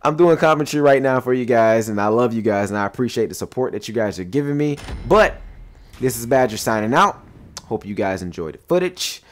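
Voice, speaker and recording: A man's voice: medium pitch, a little fast. A young man hosting his own gaming channel, telling a match story in slangy, laughing commentary. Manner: animated storytelling with frequent laughs; slangy and excitable.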